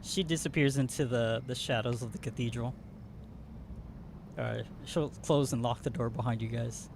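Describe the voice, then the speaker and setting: A man narrating a tabletop game as game master, animated and quick to laugh. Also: medium pitch, noisy background.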